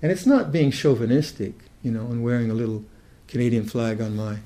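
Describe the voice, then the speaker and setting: Older man giving a mellow dharma talk. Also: mid-range voice. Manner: thoughtful, halting, with many restarts. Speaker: Buddhist meditation teacher.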